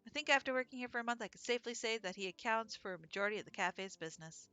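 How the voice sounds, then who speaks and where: A woman reading a visual novel aloud for a let's play in an expressive, animated way. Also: on the high side, very fast, clear, resonant tone, dry recording. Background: faint game music.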